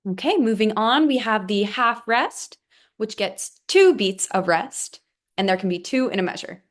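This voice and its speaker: Slow, patient woman teaching music. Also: medium pitch, lively intonation. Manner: slow, patient explaining with counted-out rhythm examples. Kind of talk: recorded music lesson.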